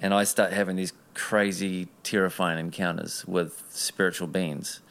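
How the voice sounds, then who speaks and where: Casting: New man, low gravelly voice, earnest rambling storyteller. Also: fairly even intonation, moderate pace, a bit bright. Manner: earnest, rambling, with many restarts. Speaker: interview guest. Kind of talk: casual personal storytelling.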